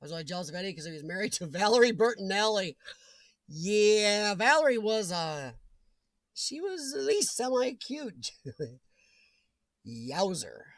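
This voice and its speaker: A middle-aged man chatting on his livestream, his voice high for a man and swinging widely in pitch. He laughs often and cracks jokey asides as he answers viewers. The sound is close and dry. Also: big pitch swings, measured pace, long pauses, fairly bright tone, dry recording. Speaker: livestream host. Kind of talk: casual live chat reading viewer comments.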